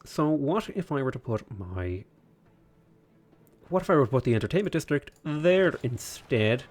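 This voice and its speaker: A man's voice: mid-range voice, very animated, normal speed, a little mellow. A young man streaming a strategy game, chatting casually in a rambling, joking way. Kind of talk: casual livestream commentary.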